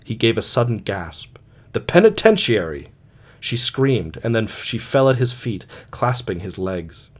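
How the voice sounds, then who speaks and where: A man narrating a classic short story in a measured, dramatic way. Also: lowish voice. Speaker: audiobook reader.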